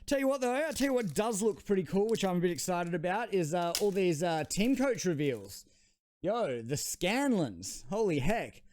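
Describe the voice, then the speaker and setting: A man's voice: high voice, big pitch swings, moderate pace, a little mellow. A man with an Australian accent hosting a trading card channel, giving rambling, self-deprecating unboxing commentary.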